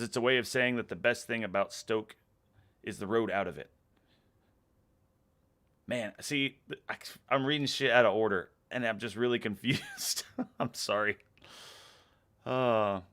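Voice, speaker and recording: A man's voice: fairly low pitch, unhurried, long pauses, a bit bright. A man with a Texas accent hosting a casual livestream, reading viewer comments aloud with a laid-back, chuckling manner while drinking beer. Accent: Texan. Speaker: livestream host.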